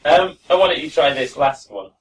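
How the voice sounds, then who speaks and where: A man teaching pronunciation in a classroom, relaxed and encouraging with his students. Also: fairly high pitch, moderate pace. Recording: voice from far off.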